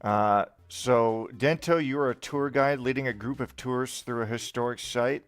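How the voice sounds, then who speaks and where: A man's voice: mid-range voice, moderate pace, smooth, no room sound, soft background music. A man directing an improv scene in a game, hesitant with many fillers. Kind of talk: casual game narration.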